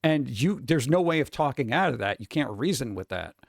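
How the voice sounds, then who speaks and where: A man's voice: mid-range voice, sing-song, brisk, vocal fry, dry recording, studio quality. Rambling, swearing streamer man. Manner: rambling, swears, chuckles often. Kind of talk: casual chat, answering chat.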